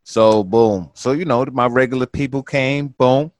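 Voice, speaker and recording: A man's voice: medium pitch, a little slow, dry recording. A man in his thirties, once a party promoter, reminiscing in casual chat, laid-back and drawn out, saying "listen, man" often.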